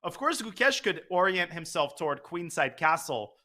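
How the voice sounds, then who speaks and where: Male chess caster, high and bright, fires off variations with rising excitement. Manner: excitable, calls moves rapid-fire. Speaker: chess commentator. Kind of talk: live chess commentary.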